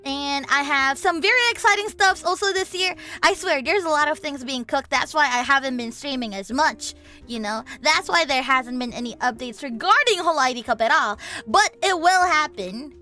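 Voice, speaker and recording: Bright high-voiced woman streamer, lively chatter, soft music underneath. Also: normal speed. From Indonesia. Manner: animated, switches between Indonesian and English, laughs often. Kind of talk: casual livestream chat. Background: soft background music.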